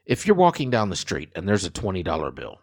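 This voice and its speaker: A man in his forties hosting a casual show, reading odd news stories and bantering in an animated, exclaiming way. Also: low-pitched, fast, no room sound, clean studio sound. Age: 40s. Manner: animated, exclaiming, addressing viewers as guys. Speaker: show host.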